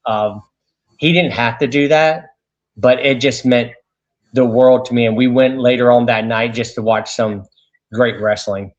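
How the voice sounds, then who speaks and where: A man's voice: medium pitch, measured pace, lo-fi sound. Chatty man telling stories. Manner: animated anecdotes with many fillers and restarts. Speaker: radio show host, interview guest. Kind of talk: casual storytelling interview.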